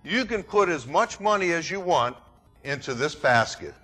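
A pastor preaching a sermon, dramatic and rhetorical, who acts out other people's words. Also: male voice, on the high side, animated, moderate pace, pushed and bright, faint music behind. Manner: dramatic, rhetorical, mimics voices.

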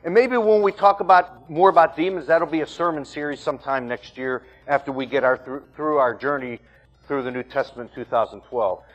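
Guy pastor preaching, kinda high voice, punchy repeated lines, faint music underneath. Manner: emphatic preaching with repeated phrases. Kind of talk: sermon.

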